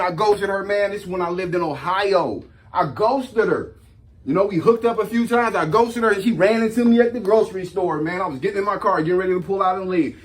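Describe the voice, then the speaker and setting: Host, male, young adult, a bit higher pitched, animated and slangy, talks right to the audience. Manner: animated storytelling, slangy, addresses audience as y'all. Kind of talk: casual talk reading and riffing on a list.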